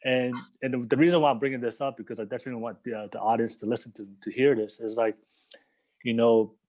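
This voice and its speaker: A man's voice: medium pitch, steady tone, fast talker, a little mellow. A man hosting a podcast, asking questions in a casual, rambling way that keeps restarting sentences. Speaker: podcast host. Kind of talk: casual interview talk.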